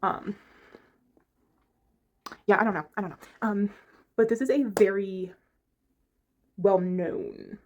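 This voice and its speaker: A chatty woman talks casually about books, in a voice of ordinary pitch. She rambles from point to point and stops to hunt for the right word. She speaks from her bedroom. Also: slow pace, pauses often, darkish tone, a little hiss or hum. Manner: chatty, rambling, gropes for words. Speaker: book reviewer. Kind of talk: casual chat.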